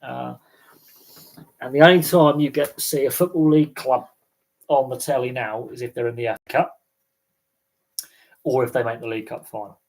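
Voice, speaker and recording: A man's voice: medium pitch, steady tone, moderate pace, gravelly, pauses often, poor audio. Rambling man hosting a live Q&A. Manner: rambling, thinks aloud with many fillers and restarts. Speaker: sports livestream host. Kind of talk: casual live Q&A chat.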